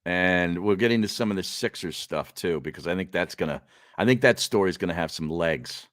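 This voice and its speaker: A man co-hosting a casual sports talk show, relaxed and wry, trailing off as he reads. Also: sits low, brisk, no echo, studio quality. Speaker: co-host.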